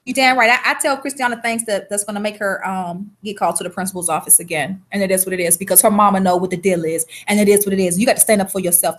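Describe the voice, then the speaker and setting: A woman teaching an informal health class, talking in an emphatic, colloquial way and telling animated stories. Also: mid-range voice, fast talker. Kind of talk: informal live class talk.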